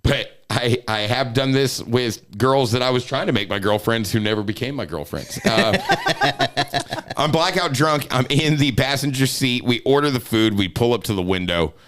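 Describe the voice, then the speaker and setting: Guest comic, male, swinging pitch, laughs through his stories, curses freely. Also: normal speed. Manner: animated storyteller, laughs often; swears freely. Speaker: guest comedian. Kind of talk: casual podcast chat.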